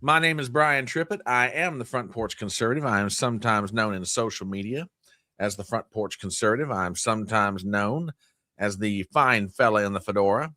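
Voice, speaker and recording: A man's voice: on the low side, moderate pace, sharp tone, no echo. A man hosting a casual livestream news chat, joking playfully and bantering with viewers in the chat. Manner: playful, self-mocking, banters with live chat. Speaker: host.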